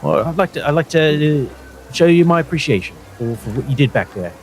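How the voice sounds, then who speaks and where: A man's voice: fairly high pitch, sing-song, fairly quick, soft background music, pitched above the performer's own voice. Man doing a foul-mouthed brash woman. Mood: grateful. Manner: blunt, cursing, impatient. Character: brash coarse woman fed up with haggling.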